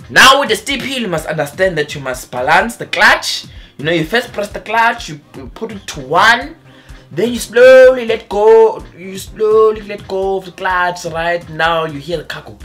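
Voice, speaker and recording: A young man from South Africa telling an animated storytime vlog, acting out the other people's voices. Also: sits high, normal speed, soft background music. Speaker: vlogger.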